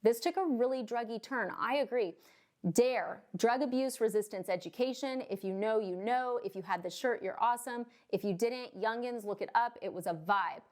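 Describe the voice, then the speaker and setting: A woman's voice: on the high side, moderate pace. A woman mortgage loan officer explaining home buying in a casual, chatty way, tossing in "right?" and "okay?" and joking asides. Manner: jokey asides and acted quotes.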